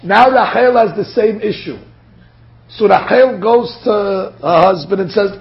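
A man gives an animated Torah lecture to his class, and his voice sits high. He acts out the lines he quotes. The recording is dull and lo-fi. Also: unhurried, creaky. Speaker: Torah teacher.

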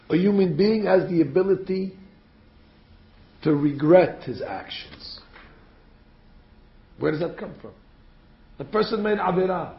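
Rabbi delivering a sermon, gravelly, slightly high for a man; echoey, dull recording. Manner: animated, rhetorical questions, acts out quotes. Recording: echoey room, dull sound.

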